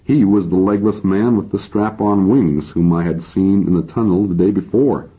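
Very deep, husky male audiobook narrator. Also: normal speed. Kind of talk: first-person scripted narration. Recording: dull lo-fi recording.

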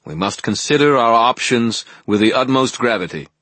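A man's voice: mid-range voice, animated, normal speed, sharp tone, dry recording, voice pushed up. Man doing a stern, commanding old head wizard. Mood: grave. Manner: ringing, commanding.

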